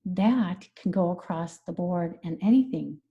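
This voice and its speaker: A woman's voice: fairly low pitch, measured pace, muffled recording. A woman stress management coach explaining her methods earnestly in a conversational interview, repeating key phrases.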